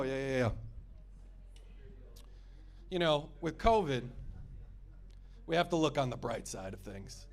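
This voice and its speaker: Man in his 30s, stand-up comic, crude and sarcastic, slightly high voice. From United States. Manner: crude, sarcastic crowd work. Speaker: stand-up comedian. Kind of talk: stand-up comedy set.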